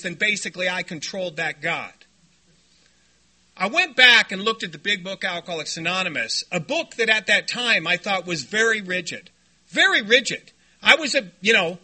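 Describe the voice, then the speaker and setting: A man telling a personal story at a recovery meeting, animated and self-deprecating, often laughing. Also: high-pitched.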